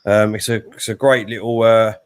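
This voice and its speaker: A man hosting a live watchalong, giving relaxed play-by-play with fillers and asides. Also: on the low side, moderate pace, clean tone. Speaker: host and fight commentator. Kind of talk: casual live watchalong commentary.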